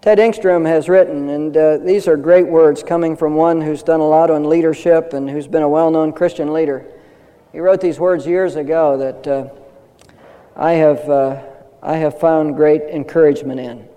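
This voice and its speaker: A man's voice: on the high side, steady tone, moderate pace, mellow, in a large hall, low-quality recording. An older man preaching a sermon in an earnest way, building up to emphatic declarations. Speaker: pastor.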